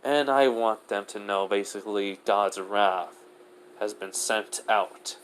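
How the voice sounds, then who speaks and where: A man's voice: fairly low pitch, fairly even intonation, slow pace, a bit bright, slight background noise, voice pushed down. A man doing a dry, unbothered deity. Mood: dismissive. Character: calm, all-knowing deity, dry and unbothered.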